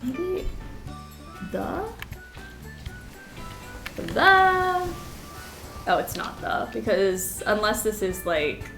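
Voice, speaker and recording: A woman's voice: medium pitch, big pitch swings, slow pace, vocal fry, reverberant, soft background music, poor audio. A woman streaming a puzzle game, chatting casually and thinking aloud as she solves it. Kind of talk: casual gameplay commentary.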